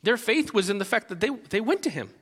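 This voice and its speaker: A man preaching a sermon as pastor, animated and conversational, with many restarts. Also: sits high, a little fast, breathy edge, long reverb tail.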